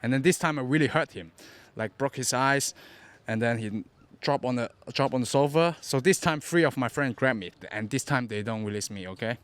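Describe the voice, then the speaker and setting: A man's voice: medium pitch, fairly quick, fairly bright tone, clean tone. A young man from Hong Kong with a Cantonese accent, a podcast guest telling his story in broken English, often repeating words as he goes. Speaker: interview guest. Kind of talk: casual storytelling.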